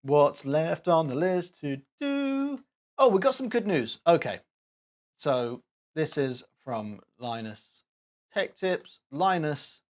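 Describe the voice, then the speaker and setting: A man hosting a live stream, chatting casually and rambling with chuckles while he talks to his chat. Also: a little high.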